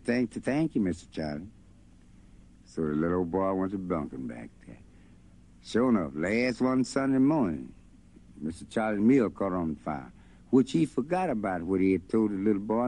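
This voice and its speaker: A man telling a folk story in a relaxed, rambling way. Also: lowish voice, moderate pace. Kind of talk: folk storytelling over guitar. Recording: faint guitar behind voice.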